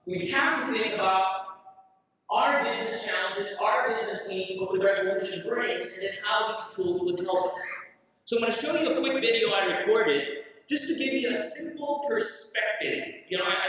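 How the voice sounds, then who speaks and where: A man from Southeast Asia giving a conference presentation, animated and jokey, asking the audience questions. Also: high voice, normal speed. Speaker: conference speaker. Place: large conference hall. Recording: echoey hall, distant mic, dull sound.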